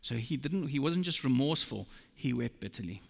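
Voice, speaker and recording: A man preaches a sermon in a slow, emphatic way, with a gravelly edge to his voice. His words ring out with the long reverb of a large hall. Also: mid-range voice, expressive.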